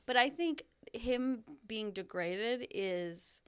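A woman's voice: a little high, expressive, slow, a bit bright, clear, resonant tone, no room sound. Blunt teasing woman host. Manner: blunt, teasing, laughs often. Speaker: podcast host. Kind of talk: casual chat.

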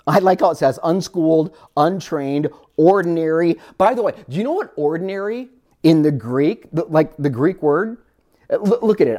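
Preacher, sermon, animated pitch swings, mellow tone, rhetorical questions, repeated words. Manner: repeats words while building a point. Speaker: pastor.

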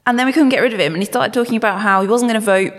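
A young woman chatting casually, telling an anecdote quickly with bursts of laughter. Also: a little high, slight background noise. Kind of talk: casual chat. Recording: long reverb in the room.

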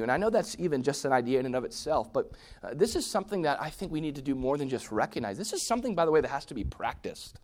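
A man preaching a sermon, swinging from loud, emphatic peaks to hushed, near-whispered lines. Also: mid-range voice, sing-song, quick pace. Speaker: pastor.

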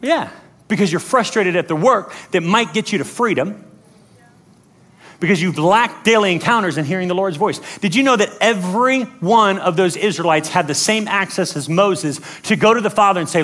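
A man preaching a sermon as pastor in an energetic, blunt and playful way. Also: sits high, normal speed.

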